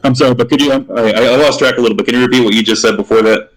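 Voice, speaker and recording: A man running a tabletop game as game master, talking haltingly with many fillers. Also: mid-range voice, steady tone, poor audio.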